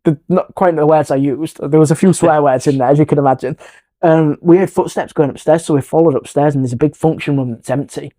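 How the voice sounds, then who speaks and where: A middle-aged man, a guest historian telling a ghost story in an animated, emphatic way. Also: on the high side, a little fast. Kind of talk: storytelling in a podcast interview.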